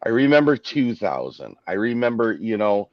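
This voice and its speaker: Low-voiced male live-stream host. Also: big pitch swings, moderate pace, no room sound, dull audio. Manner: agreeable, wraps up with sign-off. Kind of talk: casual live-stream chat.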